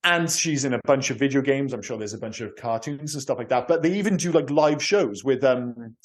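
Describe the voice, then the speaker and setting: A man's voice: mid-range voice, expressive, a little fast. A man from Cardiff with a Welsh accent, co-hosting a podcast in casual, rambling chat full of restarts and swearing. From Cardiff, Wales. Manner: rambling, self-interrupting, sweary. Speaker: podcast co-host.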